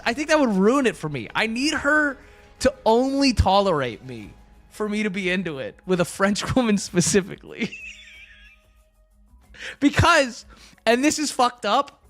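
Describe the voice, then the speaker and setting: Young male streamer, high-pitched, rambling joking chat, faint music under. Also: a bit bright. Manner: rambling, joking, answers chat, many fillers.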